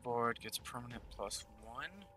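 A man's voice: mid-range voice, expressive, unhurried, sharp tone, faint music behind. A man giving casual gameplay commentary, thinking aloud and murmuring game text as he plays. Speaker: gaming channel host.

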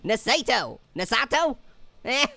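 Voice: medium pitch, big pitch swings, unhurried, creaky, pushed and bright, no echo, full character voice. A performer voicing a cheeky, hyper male cartoon orange who narrates a comedic VR boxing playthrough, taunting and cackling constantly. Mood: taunting glee. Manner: taunting, giggly, constant cackling laughs and wisecracks. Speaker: gameplay commentator.

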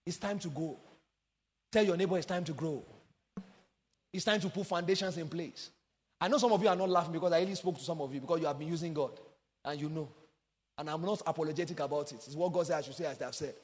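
A man preaching a sermon with passion, swinging from sung, shouted emphasis down to quiet low asides. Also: fast, pauses often. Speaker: pastor. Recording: long hall reverb.

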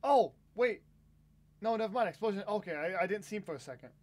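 A man's voice: high-pitched, expressive, racing. A young man streaming a live game with viewers, chatting, swearing and bursting into frustrated outbursts. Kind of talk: live gameplay stream commentary.

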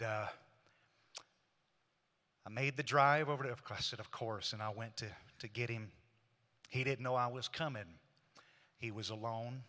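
A man giving a eulogy for his brother at a church memorial service, telling the story in a halting, emotional way and quoting their conversations. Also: medium pitch, bright, forceful tone. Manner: halting, emotional retelling with quoted dialogue. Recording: echoey church hall.

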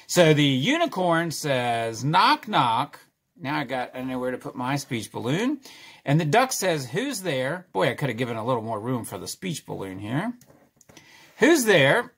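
A man's voice: medium pitch, a bit bright, husky. A middle-aged man chatting casually through a drawing tutorial, self-deprecating and chuckling as he goes. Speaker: children's author drawing a comic.

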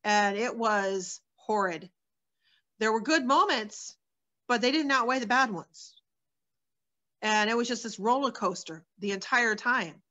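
A woman's voice: on the high side, unhurried, sharp tone. Earnest woman sharing a personal testimony. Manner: candid, earnest storytelling with many fillers. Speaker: guest.

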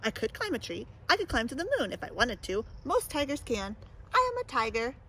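A woman's voice: fairly high pitch, big pitch swings, fairly quick, fairly bright tone, rough recording. A woman doing a stubborn little mouse. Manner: stubborn, insistent. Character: small stubborn mouse insisting he is a tiger. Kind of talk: storybook read-aloud.

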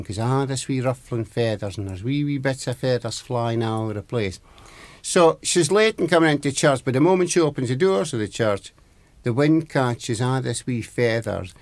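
Repeating words for emphasis in a lilting Aberdeen accent, a man from Scotland tells an old folk story. His pitch is medium, and the recording is dry.

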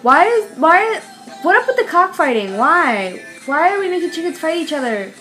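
A young woman hosting a reaction video, excitable, shrieking and laughing as she comments. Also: very high-pitched, moderate pace, faint music behind.

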